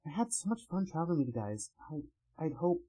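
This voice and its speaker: A shy, apologetic young wolf-woman, read out by a man in a soft, halting voice. The pitch moves about freely as the comic dialogue is read aloud. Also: sing-song, dry recording, rough recording.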